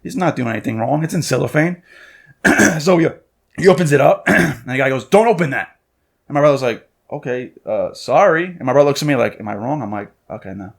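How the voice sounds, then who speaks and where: A man's voice: medium pitch, quick pace, vocal fry, slightly rough. A man in his thirties, a podcast host, telling a story in a loose, profane chat and acting out what people said. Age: 30s. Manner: profane, animated storytelling with acted-out quotes. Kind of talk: casual chat.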